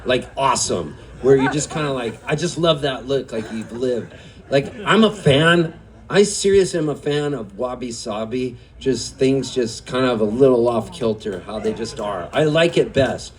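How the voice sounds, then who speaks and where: A man's voice: medium pitch, lively intonation, normal speed. Chatty man rambling through a stage story. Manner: rambling, chatty, laughs often. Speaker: singer-songwriter telling a story on stage. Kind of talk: live stage storytelling between songs. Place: live music venue.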